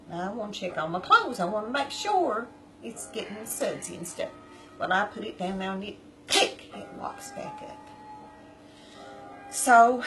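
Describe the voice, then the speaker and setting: A woman telling a story in a folksy, chatty, animated way to her viewers. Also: on the high side, rough recording. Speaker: vlogger. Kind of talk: casual storytelling.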